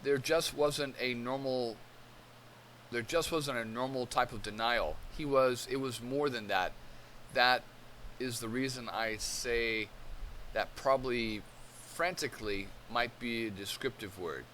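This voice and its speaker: A man's voice: mid-range voice, unhurried, a bit bright, a little hiss or hum. A man hosting a channel, reading definitions and transcripts aloud and thinking them through, with frequent restarts. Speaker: channel host. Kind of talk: casual commentary, reading aloud.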